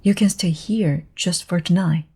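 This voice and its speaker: A woman's voice: fairly low pitch, a little slow, warm tone, husky, full character voice. A woman voicing a stern, strict farm woman. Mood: firm. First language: Korean. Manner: firm, cross, no-nonsense. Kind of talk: audiobook reading of a novel.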